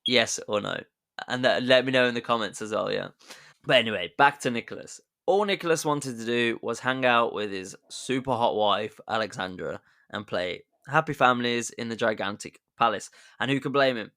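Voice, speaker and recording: A man's voice: medium pitch, normal speed, sharp tone. A man hosting a podcast, chatty and jokey, telling history as a casual story and laughing at his own jokes. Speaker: podcast host.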